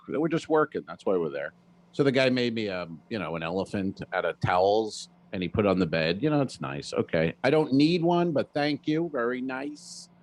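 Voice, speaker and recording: A man with a Rhode Island accent, a comedian co-hosting a podcast, telling a rambling story in deadpan complaints with lots of fillers. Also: medium pitch. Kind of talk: casual comedy podcast chat.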